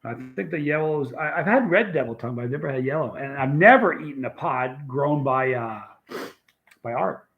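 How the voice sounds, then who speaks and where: A man's voice: mid-range voice, expressive, normal speed, phone-quality sound. A man hosting a casual livestream, telling a long rambling story and greeting viewers in the chat. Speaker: host.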